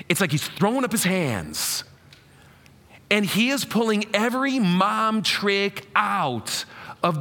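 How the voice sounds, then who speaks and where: A man preaching a sermon as pastor, animated and asking rhetorical questions to the congregation. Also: sits high, big-room sound.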